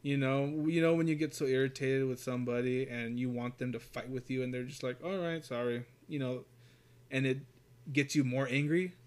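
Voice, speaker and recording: A man's voice: medium pitch, steady tone, a little fast, a little mellow. A man hosting a casual podcast chat, rambling through stories with lots of fillers and swearing. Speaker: podcast host.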